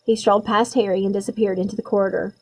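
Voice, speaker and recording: A woman narrating a storybook chapter in a measured, suspenseful way. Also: medium pitch, flat delivery, low-quality recording. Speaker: audiobook reader.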